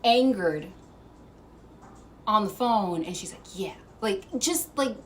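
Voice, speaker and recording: A woman spins a casual storytime vlog straight to camera. Her voice sits at an ordinary middle pitch, and she keeps it lively and profane, laughing between the twists. A faint hiss of room noise runs under her talk. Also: takes it slowly. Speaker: vlogger.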